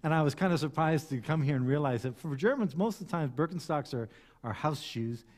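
A man's voice: a little high, fairly quick, a little mellow. A male pastor giving a sermon in a conversational, storytelling way with frequent restarts. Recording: long hall reverb.

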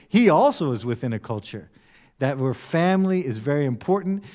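A man preaching a sermon in an animated way, now and then acting out voices with humor. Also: on the high side. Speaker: pastor. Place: church hall. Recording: long echo of a church hall.

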